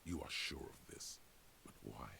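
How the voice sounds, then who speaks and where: A man voicing a wry, dramatic inner narrator in a video game, speaking in slow, grave storytelling tones with dry irony. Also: pushed and bright. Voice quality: deep, gravelly.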